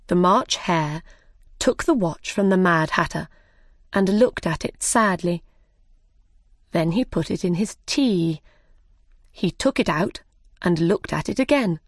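A woman reading a children's storybook aloud, slow, clear and measured. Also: fairly low pitch, lively intonation, dry recording, clean studio sound. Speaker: reader.

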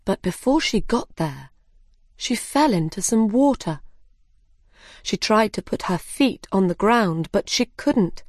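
A woman reading a children's story aloud in a simple, measured way. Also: mid-range voice, expressive, no room sound, studio quality. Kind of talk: scripted narration of a children's story.

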